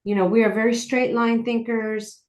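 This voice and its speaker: A woman's voice: fairly high pitch, level tone, normal speed, a little mellow. Earnest rambling woman in roomy echo. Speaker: guest, horse program founder. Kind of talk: personal storytelling in interview.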